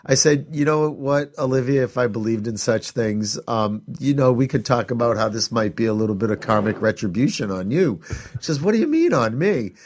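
A man's voice: mid-range voice, a little fast. A middle-aged man casually telling a long family story to a co-host, with rambling asides and bursts of laughter.

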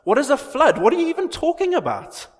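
A man's voice: very high-pitched, wildly swooping pitch, a little fast, pitched above the performer's own voice, heavily acted. A man voicing a scoffing bystander who fires off mocking, incredulous questions. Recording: long hall reverb.

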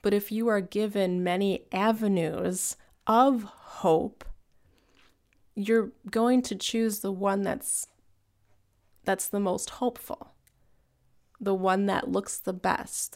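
Even-toned woman with a gravelly edge. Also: mid-range voice, slow. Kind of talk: faith-based conversation.

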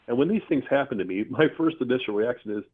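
A man telling a personal story in a casual, earthy, animated way, with mild swearing. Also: mid-range voice, fast talker, husky. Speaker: storyteller guest. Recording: tinny phone-line sound.

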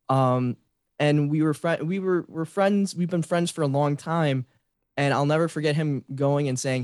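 Excited male podcast guest. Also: on the high side, normal speed, no echo, studio quality. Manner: excited storyteller, many restarts. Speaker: podcast guest, fan site creator. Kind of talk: casual podcast chat.

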